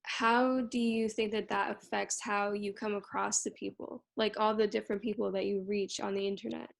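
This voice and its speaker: A woman hosting a podcast, asking her guest questions in a quick, chatty way with fillers. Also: mid-range voice, level tone, gravelly. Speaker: podcast host. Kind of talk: casual conversational interview.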